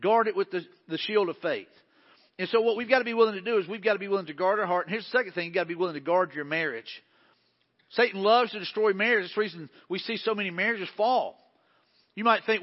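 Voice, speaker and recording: A male pastor preaches in a high, conversational voice. He hammers repeated phrases and slips into quoted asides. The sound is dull and muffled, with a long reverb trailing through a large hall. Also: fast. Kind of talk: sermon.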